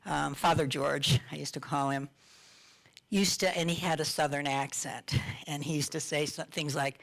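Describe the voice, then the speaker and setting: A middle-aged woman minister giving a conversational sermon, asking her listeners questions and laughing lightly now and then. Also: deep voice. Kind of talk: informal sermon talk.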